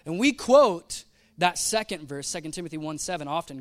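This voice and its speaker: High-pitched guy preaching, super casual and animated, lots of slang. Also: moderate pace. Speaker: pastor. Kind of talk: sermon.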